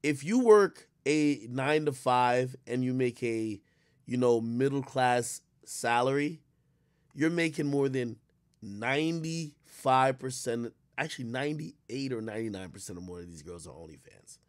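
A man's voice: mid-range voice, a little slow, no echo, studio quality. A man giving blunt, profane commentary in a rambling, storytelling way while reacting to a clip.

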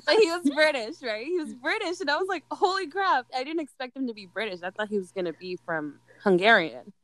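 A young woman telling a story in casual chat, animated, swearing and mocking herself. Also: sits high, fast, no echo, low-quality recording.

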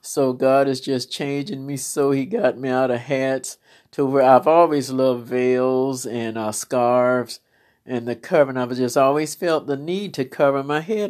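A woman's voice: extremely low pitch, steady tone, unhurried, darkish tone. A woman minister telling stories from church life in a fervent, storytelling testimony, exclaiming praise now and then.

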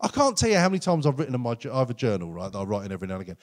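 A man preaching a sermon as pastor, earnest and conversational, often acting out quotes in lively voices. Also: mid-range voice, rapid-fire.

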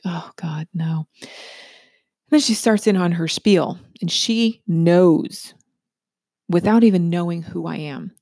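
A woman's voice: on the low side, darkish tone, no echo, studio quality. A middle-aged woman telling a personal story in a chatty monologue to listeners, often checking in with "right?".

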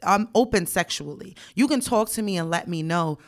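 A woman's voice: fairly low pitch, animated, normal speed. A young woman co-hosting a podcast, telling a story bluntly and candidly, often laughing. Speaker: podcast co-host. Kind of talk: casual podcast chat.

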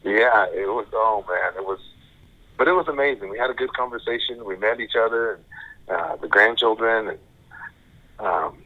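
An older man calling in as a guest, telling a personal story in a halting way and often repeating himself. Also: on the low side. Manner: halting, repeats words and restarts. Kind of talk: casual storytelling. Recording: tinny phone line.

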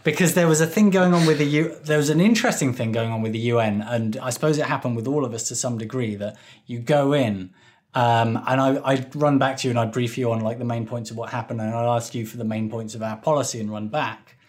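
This man explains things thoughtfully and at length in a casual group conversation. His voice sits at an ordinary middle pitch. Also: quick pace. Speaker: game player.

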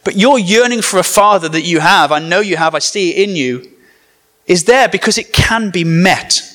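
A man's voice: high-pitched, expressive, normal speed, sharp tone. A man from the north of England preaching a sermon in a conversational, joking way, with asides to the congregation. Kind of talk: sermon with comic storytelling.

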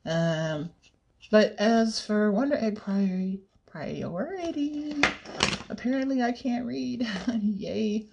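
A woman's voice: on the high side, takes it slowly, gravelly, dull audio, background noise. A young woman chatting casually to camera, rambling, giggling and swearing now and then. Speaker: vlogger. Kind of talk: casual chat.

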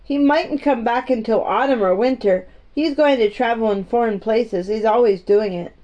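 A woman's voice: fairly high pitch, normal speed, mellow, lightly acted. Woman doing a chatty maid. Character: cheerful young Yorkshire housemaid. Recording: muffled lo-fi recording.

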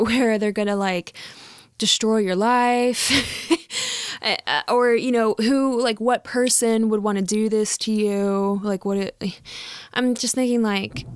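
A woman's voice: on the high side, no room sound, studio quality. Chatty young woman telling a story. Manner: chatty, many fillers, laughs often. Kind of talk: casual storytelling vlog.

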